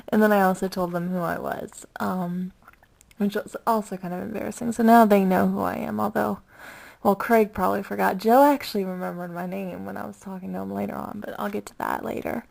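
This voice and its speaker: A woman vlogging in a casual, chatty way, excitable and rambling, giggling often and using many fillers. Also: mid-range voice, moderate pace, vocal fry.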